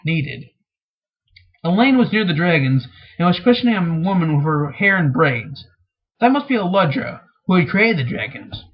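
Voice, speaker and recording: A man's voice: high-pitched, slightly rough. A man reading a fantasy novel aloud, stumbling and restarting often, in a dull, lo-fi home recording. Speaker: reader.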